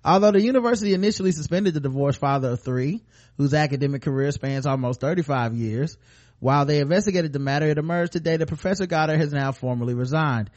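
A man with a highish, darkish voice speaks quickly on a muffled recording while co-hosting a comedy podcast. He reads a news story aloud, breaking off for crude jokes and banter.

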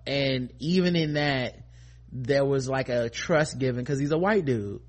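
A man co-hosting a podcast, with a voice of middling pitch that talks loosely and openly. He swears freely and sometimes punches up his points hard. Fillers and small restarts run through his talk. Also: unhurried. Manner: animated, profane, rising to emphatic outbursts. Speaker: podcast co-host. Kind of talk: casual commentary chat.

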